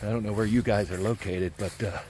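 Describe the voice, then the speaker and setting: Man, hunting vlog host, low voice, loose rambling delivery that repeats lines, recorded outdoors in the woods with faint noise behind. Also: fairly even intonation, a little mellow. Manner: rambling, repeats phrases, many "uh" pauses. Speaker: deer hunting channel host. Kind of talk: casual outdoor vlog talk.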